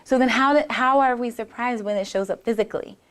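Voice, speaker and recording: A woman's voice: on the high side, fast talker, fairly bright tone. Earnest woman musing on self-talk. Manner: earnest and conversational, acts out inner voices, many restarts. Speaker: bodywork therapist and podcast host. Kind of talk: reflective solo talk.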